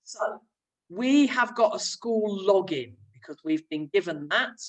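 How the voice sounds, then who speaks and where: Chatty teacher, slightly distant mic. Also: female voice, mid-range voice, expressive, unhurried. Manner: friendly, chatty classroom explaining. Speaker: primary school teacher. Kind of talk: remote lesson with screen share.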